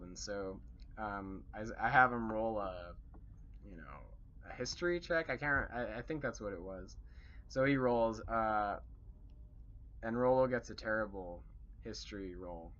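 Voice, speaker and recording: Young guy game master rambling thru a session recap, lots of ums, bright voice. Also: lowish voice, measured pace, highs cut off. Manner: rambling, full of fillers and self-corrections.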